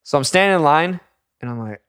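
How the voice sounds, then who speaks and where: A young man telling a story in casual chat, animated and profane, acting out the people in it. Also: a little high, a little fast, clean tone, no echo, clean studio sound.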